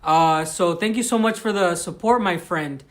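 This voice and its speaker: High-voiced Southern Californian man livestreaming. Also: normal speed. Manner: chatty, thanks viewers, frequent restarts and fillers. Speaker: livestream vlogger. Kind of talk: casual live-stream chat. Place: outdoors on a rural plot.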